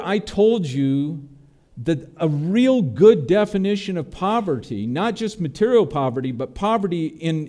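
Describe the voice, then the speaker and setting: A man's voice: a little high, dark tone. A man preaching a sermon as pastor, earnest and building to emphatic peaks.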